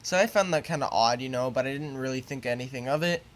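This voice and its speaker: A teenage boy telling a story to his viewers in a rambling, casual way, full of fillers and swearing, getting louder when annoyed. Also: mid-range voice, quick pace. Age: teens. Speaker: YouTuber.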